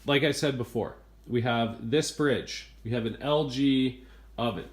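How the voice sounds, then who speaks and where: A man speaks into a handheld phone camera inside his home kitchen. He rants about a bad repair visit in an exasperated, hurried way. His voice sits at an ordinary male pitch. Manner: exasperated, retelling events in a rush. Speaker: homeowner reviewing appliances. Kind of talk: ranting home video complaint.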